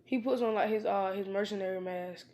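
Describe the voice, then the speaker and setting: A woman's voice: medium pitch, fairly even intonation, a little fast, darkish tone. A woman casually telling a fan story, rambling and informal, with many fillers and restarts. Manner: informal, slangy.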